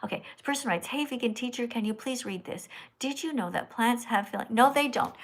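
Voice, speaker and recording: A woman hosting a live stream, reading donations aloud and lecturing slowly and bluntly. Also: fairly high pitch, lively intonation, pushed and bright. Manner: blunt, scolding; slow, emphatic lecturing. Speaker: livestream host reading donations.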